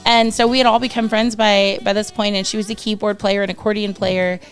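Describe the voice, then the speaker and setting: A woman in her thirties with a Texan accent, a singer guest on a podcast, telling stories in a lively way and acting out the voices of the people she quotes. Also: mid-range voice, fairly quick, faint music behind. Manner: animated storyteller, acts out quoted voices. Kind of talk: casual storytelling interview.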